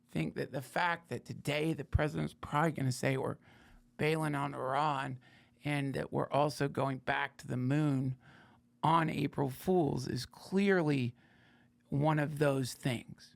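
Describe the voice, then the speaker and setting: A man's voice: on the high side, fairly even intonation, unhurried, gravelly. A man hosting a podcast, riffing in a sardonic, profane, rambling comedic monologue. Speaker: podcast host.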